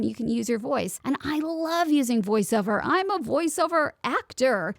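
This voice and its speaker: A woman's voice: a little high, no room sound, studio quality. A young woman hosting a solo podcast, giving upbeat, chatty advice as a voiceover actor.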